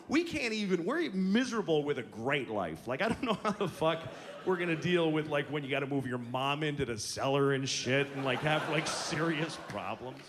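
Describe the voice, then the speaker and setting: A male stand-up comedian doing a set on stage, profane, exasperated and mocking. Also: on the high side. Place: theater stage. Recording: big hall with a loud, laughing crowd.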